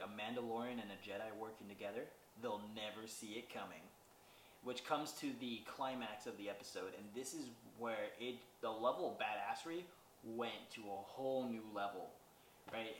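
A man hosting a podcast, recapping an episode in loose casual talk full of fillers. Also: medium pitch. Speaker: podcast host. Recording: echoey room with faint noise.

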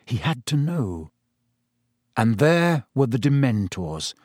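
Brief: male audiobook narrator, mid-pitched, measured, close and bone-dry. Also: very animated, darkish tone, dry recording. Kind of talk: scripted narration.

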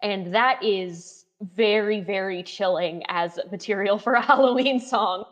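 A woman's voice: medium pitch, a little slow. A woman co-hosting a podcast, talking about songs in an articulate, slightly wry way. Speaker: podcast co-host. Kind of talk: casual music chat.

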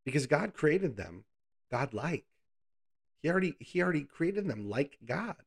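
A man's voice: a little high, very animated, moderate pace, gravelly, husky. A man preaching a casual, conversational Bible lesson, asking the listeners rhetorical questions and adding playful asides.

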